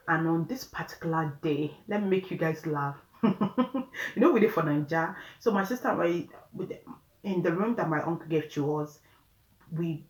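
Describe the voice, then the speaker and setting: A woman with a Nigerian accent tells a story casually, chatty and often laughing as she talks straight to her viewers. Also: low voice. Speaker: vlogger. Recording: roomy room echo.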